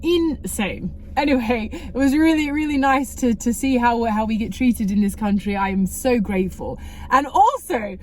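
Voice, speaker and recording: A woman's voice: a little high, animated, moderate pace, slight background noise. A young woman vlogging casually to camera, chatty and rambling with self-correcting asides. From Australia. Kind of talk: casual vlog talk to camera.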